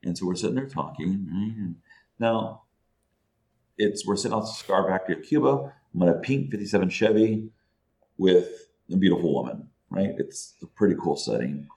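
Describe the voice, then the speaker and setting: Deep-voiced man telling a story. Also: moderate pace. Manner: animated, profane, laughing as he tells a story. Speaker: guest, entrepreneur. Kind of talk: casual storytelling.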